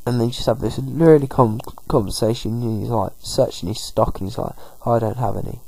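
Gravelly man rambling over gameplay. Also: mid-range voice, normal speed, mellow, poor audio. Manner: rambling play-by-play, paraphrasing characters with "he's like". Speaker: gameplay commentator. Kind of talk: casual let's-play commentary.

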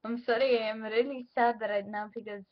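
A high, squeaky-voiced prank caller fake-sobbing over a stolen potato, stammering and barely keeping a straight face, as a woman puts it on. The audio is dull and lo-fi. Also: fairly even intonation, normal speed, lightly acted. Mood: mock grief.

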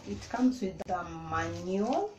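A woman's voice: medium pitch, sing-song, slow, over music. A woman, showing how to use a tool in a casual, step-by-step way. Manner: plain, step-by-step explaining. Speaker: DIY vlogger. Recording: echoey room with clear noise.

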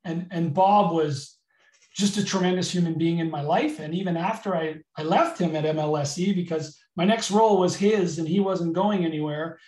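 A man runs a leadership webinar over a video call, talking in a candid, energetic way. His voice sounds roomy and sits back from the mic. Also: high voice, far from the mic. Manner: energetic, candid, gets emotional. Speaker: leadership trainer. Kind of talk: live webinar training.

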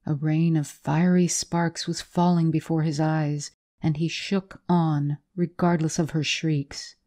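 A woman narrating a literary story in a measured audiobook reading. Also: deep voice, dark tone.

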